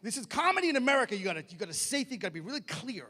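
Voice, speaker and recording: A middle-aged man doing live stand-up with a high, lively voice that jumps into mock characters and shouted punchlines. He is recorded on a large theatre stage, his voice trailing off in the long reverb of the hall. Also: racing, few pauses. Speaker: stand-up comedian. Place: large theatre stage before a laughing audience.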